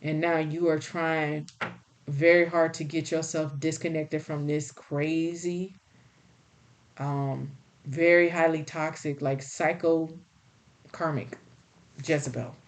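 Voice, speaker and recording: A woman's voice: sits low, fairly even intonation, slow. A woman giving a spiritual tarot reading in a blunt, folksy, scolding way. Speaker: tarot reader.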